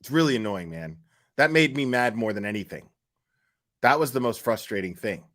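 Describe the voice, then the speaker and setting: A man's voice: medium pitch, lively intonation, moderate pace, fairly bright tone. A man hosting a casual commentary stream, talking bluntly with lots of fillers, restarts and swearing, sounding exasperated. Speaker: YouTube commentary host.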